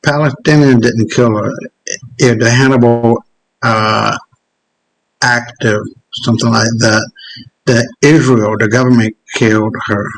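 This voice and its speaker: Male host ranting on his own show, heavy swearing, keeps stopping to find clips, middle-pitched. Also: fairly even intonation, measured pace, rough recording. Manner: profane, heated, stops often to search clips. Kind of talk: casual rant commentary.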